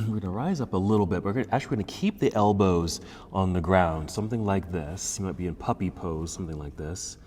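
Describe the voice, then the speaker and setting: A man leading a guided yoga class, giving calm, encouraging cues about posture and breathing. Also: sits low, fast, long reverb tail. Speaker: yoga instructor. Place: yoga studio.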